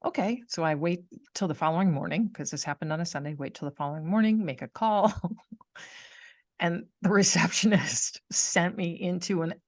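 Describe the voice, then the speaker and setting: Lively middle-aged woman storyteller, lowish voice. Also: moderate pace, no room sound. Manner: animated storytelling, acts out quoted voices, laughs often. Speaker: podcast host. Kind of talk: casual chat. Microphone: video call.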